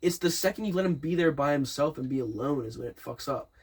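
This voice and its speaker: A young man tells a story at a rapid clip in a fairly high, husky voice. He rambles, swears freely, restarts his sentences and acts out what others said. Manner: rambling, profane, animated, with restarts and quoted dialogue. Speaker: storyteller in a podcast chat. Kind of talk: casual chat, recapping a party story.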